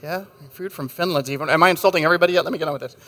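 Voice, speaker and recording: A man's voice: a little high, rapid-fire, pushed and bright, in a large hall. A man preaching a sermon in a conversational, wry way, telling stories with jokes and asides. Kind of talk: sermon with storytelling.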